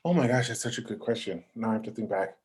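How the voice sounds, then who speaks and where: A middle-aged man telling behind-the-scenes stories as a podcast guest, lively and acting out what people said. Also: lowish voice, fast. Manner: animated, acts out quoted voices. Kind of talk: casual storytelling.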